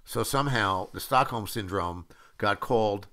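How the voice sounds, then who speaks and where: An older man in his seventies with a low, bright, forward voice tells behind-the-scenes stories as a screenwriter. He talks the way he remembers things, with plenty of "uh"s and acted-out quotes from the people in his stories. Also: normal speed. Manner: anecdotal storytelling, with many fillers and acted-out quotes. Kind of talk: film audio commentary.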